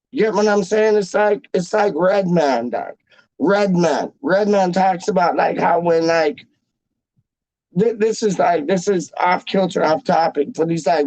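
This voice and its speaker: A man's voice: high-pitched, animated, measured pace, darkish tone, no room sound, low-quality recording. A young man hosting a fan channel, chatting casually to viewers in a rambling, slangy way that repeats itself.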